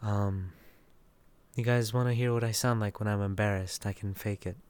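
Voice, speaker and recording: A man's voice: fairly low pitch, fairly even intonation, normal speed, a little mellow, clear, resonant tone. A young man from Texas hosting a casual voice chat, reading out and answering listener messages. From Dallas, Texas. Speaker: voice chat host.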